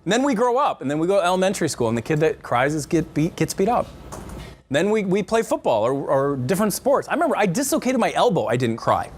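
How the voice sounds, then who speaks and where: A middle-aged male counselor lecturing a church marriage class with a fairly high voice. His pitch swings widely as he jokes and acts out little voices, and a faint hiss sits behind him. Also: fast. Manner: animated and joking, acts out quotes in voices. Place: church classroom with a live group.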